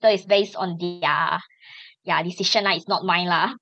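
A woman with a Malaysian English accent, a student talking in a casual podcast discussion, halting and tagging phrases with "lah". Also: fairly low pitch, fairly even intonation, sharp tone, highs cut off.

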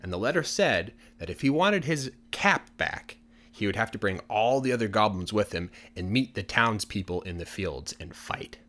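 A man casually telling a folk tale for English learners in a relaxed, chatty way with many fillers. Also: on the low side, normal speed. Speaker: storyteller.

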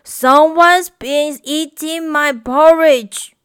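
A woman's voice: sits high, extremely slow, fairly bright tone, pitched above the performer's own voice, heavily acted. A woman voicing a grumbling papa bear in a storybook reading.

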